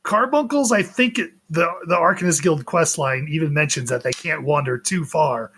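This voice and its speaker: A husky, slightly breathy podcast co-host talking through a game in relaxed, casual chat. The speech wanders, full of fillers and restarts. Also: mid-range voice, moderate pace.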